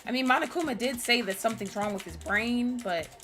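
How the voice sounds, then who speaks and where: A woman's voice: fairly high pitch, lively intonation, brisk, a bit bright. A woman streamer casually recapping a video game story, chatty and giggly, with loose swearing. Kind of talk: casual let's-play recap.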